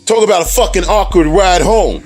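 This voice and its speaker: A man's voice: sits high, normal speed, a little mellow, soft background music, low-quality recording. A man telling a personal story in casual, profane storytelling, swearing freely and laughing between lines.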